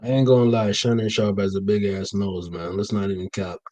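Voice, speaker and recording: A man's voice: lowish voice, flat delivery, a little fast, mellow, dry recording. A man hosting a casual podcast, reacting to video clips with jokes and laughter and talking to his chat. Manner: laughing, joking, talks to chat.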